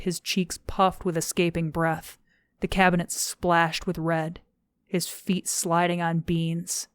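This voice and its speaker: Female audiobook narrator, measured and level, smooth clean tone, dry studio sound. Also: on the low side, no echo. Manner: steady, measured reading. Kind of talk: scripted narration of a thriller novel.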